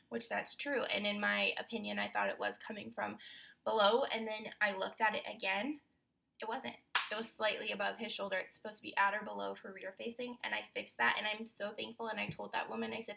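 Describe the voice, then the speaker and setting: Bright, gravelly-voiced young mom venting. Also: female voice, mid-range voice, little pitch movement, a little fast, low-quality recording. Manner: emphatic, frustrated venting. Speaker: mom vlogger. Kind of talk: casual vlog monologue.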